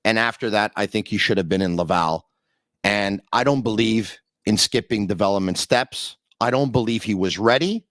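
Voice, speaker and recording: A man's voice: fairly low pitch, moderate pace, fairly bright tone, no room sound. A man hosting a sports podcast from his home basement, setting up questions in a casual, self-deprecating way. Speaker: podcast host.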